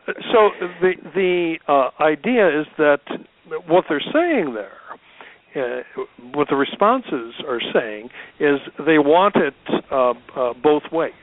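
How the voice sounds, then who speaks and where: Man, sardonic, a bit high-pitched, phone-like sound, faint noise behind. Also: sing-song, takes it slowly. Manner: sardonic, chuckles while reading. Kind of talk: talk show discussion, reading and explaining texts.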